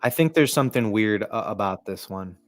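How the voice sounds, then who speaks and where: A fairly low-voiced man hosts a sports live stream, rambling casually and swearing freely. He clears his throat often between thoughts. His voice sounds dry and close, with faint music playing underneath. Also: expressive, brisk, no room sound. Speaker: livestream sports commentator.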